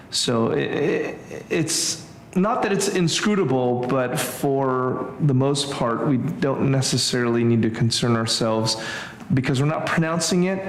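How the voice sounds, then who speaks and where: A man's voice: medium pitch, echoey room, slight background noise. Man teaching a hesitant Greek class. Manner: thinks aloud with many fillers and restarts. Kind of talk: informal church class lesson. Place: church classroom.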